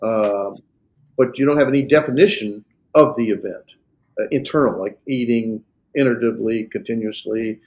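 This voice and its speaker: A man with an American Southern accent teaching a Greek class, explaining slowly with many fillers and restarts. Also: fairly low pitch, a little mellow, muffled recording. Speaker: Greek instructor. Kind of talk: classroom lecture and Q&A.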